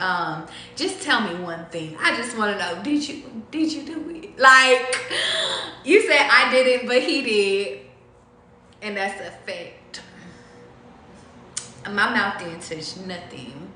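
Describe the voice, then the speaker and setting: Bright-voiced woman rambling through a tarot reading. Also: mid-range voice, roomy sound, slight background noise. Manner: rambling, profane, thinks aloud with many ums. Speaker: tarot reader. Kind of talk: casual live tarot reading.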